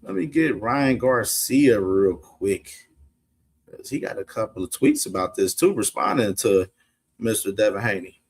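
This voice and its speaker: A man's voice: lowish voice, expressive, a little slow, breathy edge. A man hosting a boxing news show, casually commenting on clips, laughing often and swearing bluntly. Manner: laid-back, laughs a lot, blunt with profanity.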